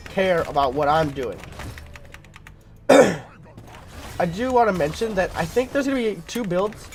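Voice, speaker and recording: A man commentating his own gameplay in a casual, rambling way, full of fillers and throat-clearing because he is sick. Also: high-pitched, slight background noise. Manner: rambling, filler-heavy, thinking aloud.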